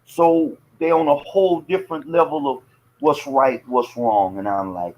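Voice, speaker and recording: A man's voice: medium pitch, normal speed, slight background noise, low-quality recording. A man with a Southern US accent telling stories in a loose, profane podcast chat. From American South.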